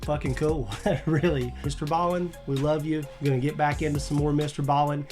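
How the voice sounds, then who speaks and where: A man co-hosting a reaction video in relaxed, joking casual chat. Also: fairly high pitch, fairly quick, faint music behind. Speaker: reaction channel co-host.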